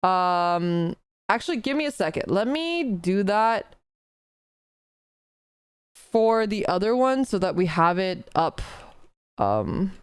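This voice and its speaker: Woman streamer, chatty and self-deprecating, clean crisp tone, dry booth-like sound. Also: medium pitch, expressive, slow pace, pauses often, no echo. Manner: chatty, apologetic, jokey asides. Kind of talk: casual reaction stream chat.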